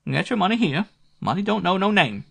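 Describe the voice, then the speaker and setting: Shrill, greedy gumshoe on the phone, high and loud, read by a male narrator. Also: big pitch swings, fairly quick, vocal fry, slightly rough, full character voice. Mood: haggling. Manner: haggling. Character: shrill, money-minded male private detective.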